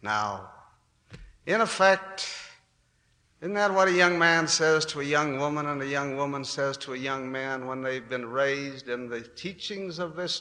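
Older male church speaker, earnest sermon with wry asides, unhurried delivery, echoey hall. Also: mid-range voice, sharp tone.

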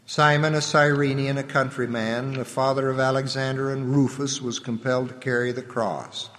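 A man giving a solemn, measured scripture reading, letting his voice drop at the ends of phrases. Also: mid-range voice, level tone, a bit bright. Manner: measured, reverent delivery with the voice dropping at phrase ends. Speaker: scripture reader. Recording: long hall reverb.

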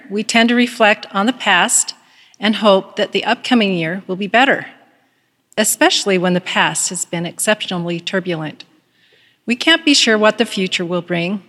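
A woman giving a calm, earnest devotional talk at the start of a semester and reading a story aloud. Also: mid-range voice, long reverb tail. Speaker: devotional speaker.

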